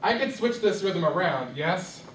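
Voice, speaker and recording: A man's voice: high-pitched, expressive, unhurried, a bit bright, a little hiss or hum. A man teaching rhythm to a class, often checking that his students follow along. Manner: questioning, checks understanding often. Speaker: music teacher. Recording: echoey classroom from far off.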